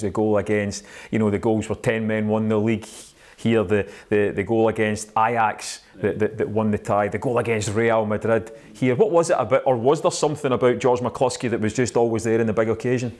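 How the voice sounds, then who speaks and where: A Scottish man interviewing a former player, asking leading questions and teasing him gently. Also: on the low side. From Scotland.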